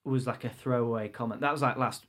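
A man hosting a casual podcast, asking relaxed and encouraging questions. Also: medium pitch, quick pace. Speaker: podcast host.

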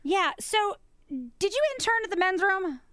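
A woman hosting a radio show in bubbly, animated, joking casual chat. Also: extremely high pitch, unhurried, dry recording, clean studio sound. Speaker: radio host.

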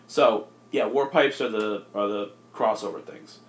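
A man co-hosting a casual comedy podcast, rambling through a movie pitch with lots of fillers. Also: unhurried. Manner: rambling, filler-heavy, jumps into silly voices. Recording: echoey room.

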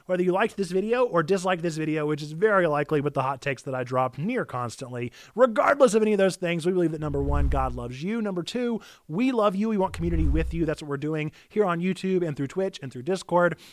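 Animated, upbeat young man. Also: on the high side, dry recording, studio quality. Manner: enthusiastic, animated, chatty. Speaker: pastor and streamer. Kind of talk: upbeat video sign-off.

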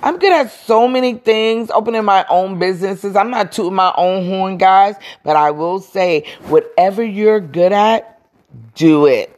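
A self-assured woman with a fairly low voice hosts a casual motivational podcast. She talks straight to her listeners, pressing and repeating her points. Her delivery is frank and emphatic, and she often answers her own questions. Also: measured pace, darkish tone. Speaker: podcast host.

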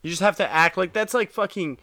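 A man's voice: sits high, a little fast, pushed and bright, no echo. A young man co-hosting a podcast, laid-back and teasing, swearing casually. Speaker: podcast co-host.

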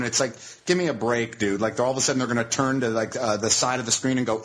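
A man's voice: medium pitch, steady tone, a little fast, few pauses. A man co-hosting a podcast, mocking a movie sarcastically and swearing. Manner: sarcastic, swearing, exasperated mockery. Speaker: podcast co-host. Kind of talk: casual profane movie chat.

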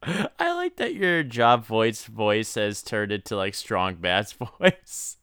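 A man with a bright, clear voice banters on a podcast in a playful, joking way. His pitch swings widely as he talks, and the sound is dry and close. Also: big pitch swings, slow, no echo. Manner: playful, joking remarks with easy laughter. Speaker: podcast co-host. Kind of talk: casual banter.

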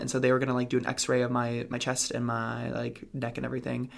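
A man's voice: medium pitch, steady tone, fast talker, gravelly, hardly any pauses. A young man telling a personal story in a casual, rambling way, full of "like" and "um" fillers. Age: young adult. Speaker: guest telling his story.

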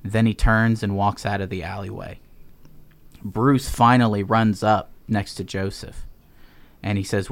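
A man casually pitching a story on a podcast, rambling with restarts and fillers. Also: steady tone, measured pace, creaky. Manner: rambling, full of ums and restarts. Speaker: podcast host.

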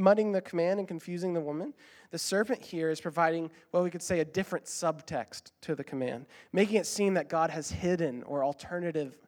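Male preacher, higher-pitched voice, earnest and emphatic, explains with ums and uhs. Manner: uses fillers like um and uh when explaining. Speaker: pastor. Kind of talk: sermon.

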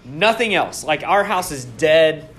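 Telling a story on a podcast he co-hosts, this man speaks at a measured pace in a voice on the high side. The chat is casual and full of laughter, and he's animated, laughing often as he goes.

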